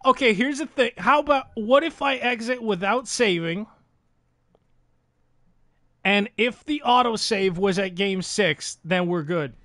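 A man live-streaming commentary on a hockey video game simulation, talking to his chat, swearing freely and breaking into loud exasperated outcries. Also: high-pitched, a little slow, dry recording, studio quality.

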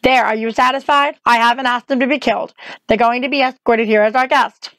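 A woman voicing a sharp-tongued, bossy witch who scolds and snaps orders in an audiobook reading. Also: a little high, fairly even intonation, a little fast, dry recording, natural voice. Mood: scolding. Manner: scolding, impatient.

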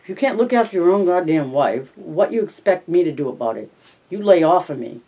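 A narrator voicing a stern ranch hand who speaks in a gruff, raised voice. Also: mid-range voice, moderate pace, muffled recording, lightly acted. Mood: angry.

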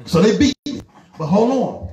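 A middle-aged man preaching a sermon in church, animated and emphatic, swinging from loud urging to low asides. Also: normal speed, echoey room, dull audio. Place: church hall.

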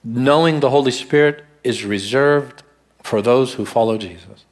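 At a church service, a man with a mid-range voice delivers a sermon as pastor, slowing his narration to put weight on key words.

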